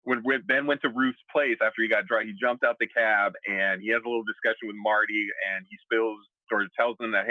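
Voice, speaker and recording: A man's voice: on the low side, steady tone, fairly quick, hardly any pauses, no room sound, phone-quality sound. A man co-hosting a casual TV aftershow, laughing often and acting out characters' lines as he recaps. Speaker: aftershow co-host.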